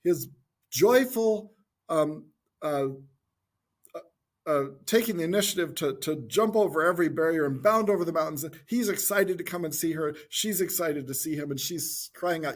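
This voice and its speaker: A man with a husky, breathy voice pitched a little higher than most men, teaching from scripture in a gentle, informal talk. He speaks reflectively and thinks aloud as he explains the passage. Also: normal speed. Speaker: Bible teacher.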